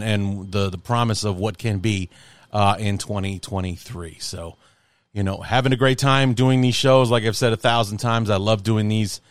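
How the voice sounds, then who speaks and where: A man's voice: on the low side, clean tone, no echo, studio quality. A man hosting a sports podcast, talking casually with lots of fillers and restarts. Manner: rambling, many fillers and restarts. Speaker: podcast host.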